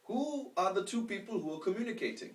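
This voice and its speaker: A man teaching a spiritual lecture, explaining terms slowly and leading call-and-response recitation while asking rhetorical questions. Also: high voice, expressive. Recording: echoey room, voice from a distance.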